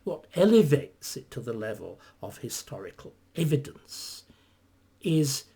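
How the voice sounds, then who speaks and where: An older man speaks as a historian in reflective conversation, his voice husky at an ordinary middle pitch. He lectures articulately and presses his points with emphasis. Now and then he drops into soft, near-whispered asides. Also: sing-song, measured pace.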